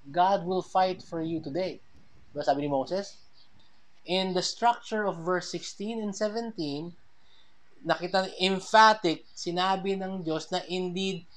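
A man with a Filipino accent preaching a sermon, reading scripture aloud and explaining it with emphasis, moving between English and Tagalog. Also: high voice. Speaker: pastor.

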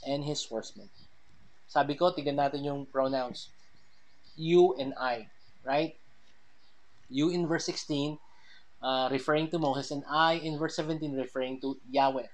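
A man's voice: medium pitch, fairly even intonation, moderate pace, long pauses. A man with a Filipino accent preaching a sermon, reading scripture aloud and explaining it with emphasis, moving between English and Tagalog. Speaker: pastor.

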